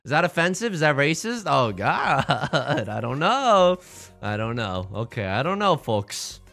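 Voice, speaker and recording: A young man with a bright, lively voice chats loosely while playing, wandering off into silly tangents and jokes. His pitch swings widely, and soft game music plays behind him. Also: a little slow, vocal fry. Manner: rambling, goofy, jokey asides. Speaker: streamer. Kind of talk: casual game commentary.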